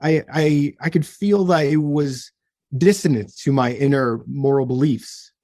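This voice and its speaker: A man's voice: mid-range voice, warm tone, no room sound, clean studio sound. Earnest young man telling a personal story. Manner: earnest, emotional, halting with many restarts. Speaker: podcast guest.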